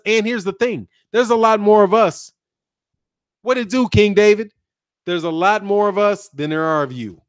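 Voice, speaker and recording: Animated high-voiced man ranting on a live stream. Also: no echo, studio quality. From United States. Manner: animated, slangy, laughs often, repeats himself. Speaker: boxing channel host. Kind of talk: live-stream commentary reading chat.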